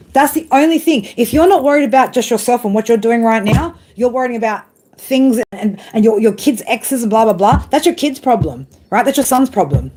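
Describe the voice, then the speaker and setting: Woman, tarot reader, live reading, blunt, profane, repeats tag questions, mid pitch. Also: a little mellow, a little hiss or hum.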